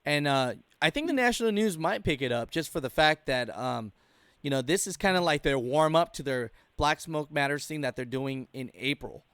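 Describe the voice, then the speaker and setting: A man's voice: fairly high pitch, lively intonation, normal speed, fairly bright tone, clean tone, no room sound. A man hosting a live trucking call-in show, talking loosely and laughing often. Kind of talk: casual live-stream talk.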